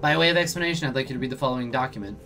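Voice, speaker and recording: A man's voice: mid-range voice, rapid-fire, pushed and bright, faint music behind. A man voicing the formal, stiff simulacrum of a woman hacker in a video game. He reads the lines precisely and formally.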